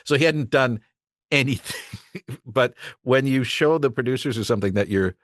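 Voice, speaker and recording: A man with a mid-range voice at normal speed, a voice actor guest, rambles through stories about his work on a casual podcast, restarting himself and acting out quotes. The studio-quality audio has no echo.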